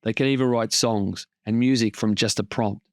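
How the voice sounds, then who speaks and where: A man's voice: fairly low pitch, steady tone, normal speed, smooth, dry recording, clean studio sound. A man hosting a casual tech explainer, plain-spoken and lightly joking as he walks through tools. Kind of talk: casual tutorial narration.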